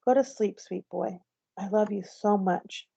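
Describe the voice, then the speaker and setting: A woman's voice: mid-range voice, a little slow, vocal fry, husky, dry recording. A tired, tender mother, as a woman reads her. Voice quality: very soft, near whisper. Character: tired, loving mother, comforting. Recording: slightly dull, dry recording.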